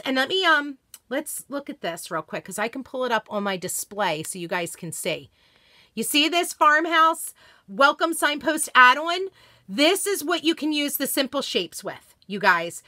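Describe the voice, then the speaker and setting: Bubbly high-voiced woman gushing on a live stream. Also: pushed and bright, no echo. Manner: bubbly, gushing, scattered and chatty. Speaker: craft product seller hosting a live stream. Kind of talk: live stream product demo, greeting viewers.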